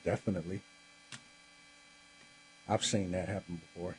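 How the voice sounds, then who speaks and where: A low-pitched man with fairly even intonation and a slightly mellow tone hosts a live podcast from a home room with a Christmas tree, speaking at a moderate pace. Tired and yawning after a long day, he chats laid-back and straight to viewers, saying "y'all." The recording is low quality with slight background noise.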